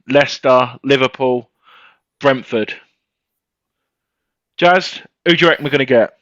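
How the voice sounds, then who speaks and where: A man's voice: fairly high pitch, fairly bright tone, no room sound. A man from England hosting a casual football chat, steering the talk and swearing freely. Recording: dull, dry lo-fi sound.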